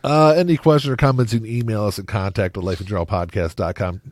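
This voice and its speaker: A man's voice: lowish voice, fairly even intonation, fast talker, darkish tone. A man co-hosting a podcast in casual chat, rambling and laughing often. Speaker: podcast co-host.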